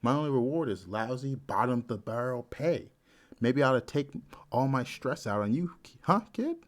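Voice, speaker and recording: A man doing a loud, blustering cop. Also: mid-range voice, lively intonation, moderate pace, natural voice. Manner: blustering, barking threats. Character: loud bossy male police officer, bullying and petty.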